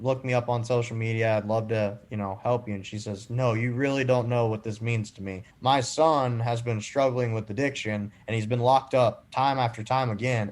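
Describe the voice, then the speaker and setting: A man's voice: mid-range voice, a little mellow. A young adult man, a podcast guest, earnestly telling a personal story in casual conversation and acting out the dialogue. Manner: earnest, acts out quoted dialogue. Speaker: podcast guest, boating safety speaker.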